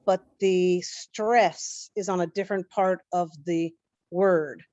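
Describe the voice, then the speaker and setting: A woman's voice: lowish voice, fairly even intonation, a little mellow, dry recording. Careful woman pronunciation teacher, dull call audio. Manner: careful, slowly contrasts word pairs. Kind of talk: explaining pronunciation.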